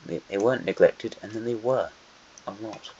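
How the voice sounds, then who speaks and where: A low-voiced man talks through a map in a loose, rambling way, correcting himself as he goes and tossing in wry asides. The sound is dull and lo-fi, missing its top end. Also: moderate pace, vocal fry, mellow, slight background noise. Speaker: host. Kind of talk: casual map commentary.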